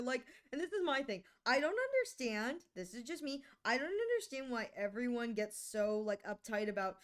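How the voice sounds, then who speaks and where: A woman's voice: fairly high pitch, sing-song, fairly quick, hardly any pauses, clear, resonant tone. A sick woman streamer chatting casually and playfully, reading her chat aloud.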